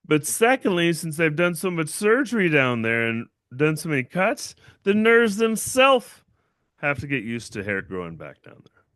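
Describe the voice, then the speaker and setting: A man hosting a casual livestream, telling a story in a blunt, profane, animated way and acting out other people's voices. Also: fairly high pitch, normal speed, dry recording, studio quality. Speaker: channel owner and host.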